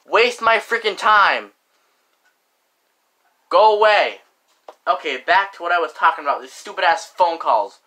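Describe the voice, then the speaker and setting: A young man vents on camera in a slow, drawn-out way, leaning on filler words and mild curses. His voice is bright and a little tense, and his tone stays indignant and complaining throughout. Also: sits high, expressive, poor audio. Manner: indignant, repeats "frickin'" and "like" often, lots of filler. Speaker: vlogger. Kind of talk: casual ranting monologue.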